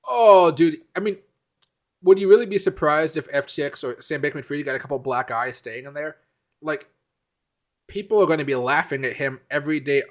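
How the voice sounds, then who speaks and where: A man's voice: fairly high pitch, a bit bright. A man hosting a casual live stream, rambling and answering viewer comments by name, with many fillers and restarts.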